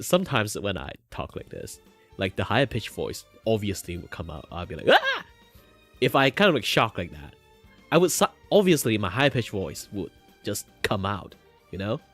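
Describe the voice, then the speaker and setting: This young Malaysian man sounds very animated, a bit bright and slightly rough at normal speed while he draws on a stream. He rambles with many fillers and jumps between low and higher voices, faint music playing underneath.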